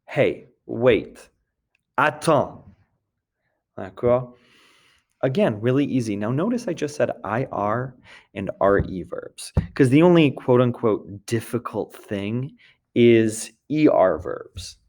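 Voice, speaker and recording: A man's voice: mid-range voice, expressive, slow, a little mellow. Patient man teaching a grammar lesson. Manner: patient, repeats points, checks in with "d'accord". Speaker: French teacher. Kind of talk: recorded classroom grammar lesson.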